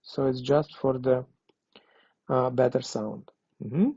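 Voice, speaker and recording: A man's voice: medium pitch, slow, dark tone, breathy edge. A man teaching a language lesson, explaining grammar patiently and checking understanding with frequent questions. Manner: patient, repeats and checks with "okay?". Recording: dull lo-fi dry recording.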